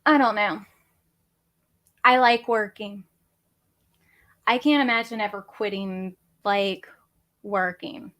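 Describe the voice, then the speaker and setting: A woman's voice: medium pitch, fairly even intonation, takes it slowly, pauses often, fairly bright tone. A woman, hosting a casual livestream chat from her home office in a rambling, chatty, self-deprecating way. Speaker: crafting channel host.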